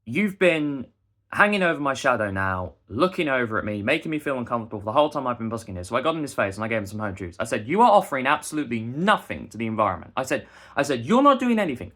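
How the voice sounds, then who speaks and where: A man's voice: medium pitch, big pitch swings, quick pace, bright, forceful tone. A young man, delivering a heated, indignant rant straight to the camera. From England. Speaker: busker and vlogger. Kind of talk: ranting monologue to camera.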